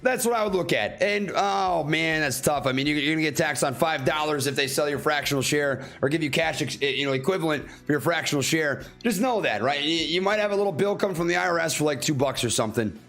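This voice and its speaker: A man's voice: fairly high pitch, a little fast, few pauses, fairly bright tone, soft background music. A man from North Carolina hosting a casual livestream, reading out viewer questions and riffing on them. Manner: reads out FAQ text then riffs on it casually.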